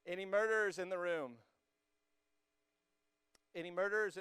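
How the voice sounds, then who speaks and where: A young man preaching to a student congregation, energetic and joking with the crowd, rising to emphatic peaks as he reads scripture. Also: fairly high pitch, moderate pace, smooth, dry recording, clean studio sound. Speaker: youth pastor. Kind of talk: sermon. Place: church hall with a student congregation.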